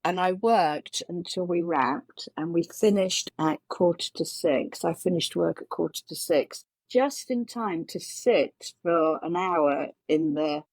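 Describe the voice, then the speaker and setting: A middle-aged woman speaks as a guest in an interview, telling stories earnestly and often starting her sentences over. Her voice sits fairly low for a woman. The sound is dry and close, with no room around it. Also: slow pace, few pauses, darkish tone, no echo. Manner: earnest storytelling with restarts. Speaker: makeup designer, guest. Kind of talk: conversational interview answers.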